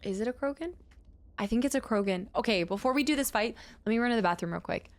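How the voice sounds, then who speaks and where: Give me a woman streamer with a fairly high voice, talking casually and laughing between game fights. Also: animated, fast talker. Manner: chatty, laughs often, exclaims during fights. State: out of breath. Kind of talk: casual live-stream gameplay chat.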